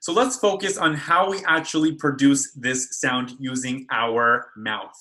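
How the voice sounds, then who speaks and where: Slow, clear-voiced man teaching speech sounds. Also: medium pitch, steady tone, pushed and bright, poor audio. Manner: slow, careful modeling of sounds. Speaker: speech therapist. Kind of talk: instructional video lesson. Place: school.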